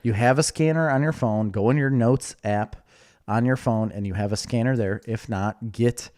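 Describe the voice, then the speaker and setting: A man's voice: mid-range voice, normal speed, darkish tone. A man from the Chicago area co-hosting a podcast, bantering casually and slipping into mock accents. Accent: Chicago-area American. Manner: joking, breaks into mock Chicago-Italian voice. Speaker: podcast co-host.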